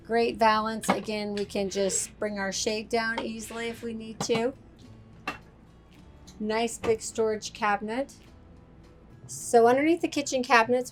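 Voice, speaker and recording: A woman's voice: mid-range voice, a little hiss or hum. A woman presenting a walk-through tour inside a motorhome, upbeat and chatty like an enthusiastic salesperson. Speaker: RV sales expert giving a tour.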